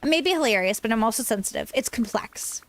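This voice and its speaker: A woman's voice: a little high, lively intonation, fast talker, close to an everyday voice. A woman reading aloud the lines of a chatty male monster comedian from a game, earnest and self-pitying.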